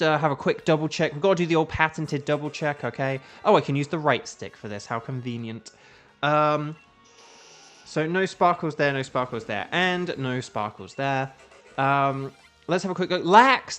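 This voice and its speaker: Chatty lively young man. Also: a little high. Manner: rambling, lots of "like" and restarts, bursts of excitement. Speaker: streamer playing a game. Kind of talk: casual gaming commentary.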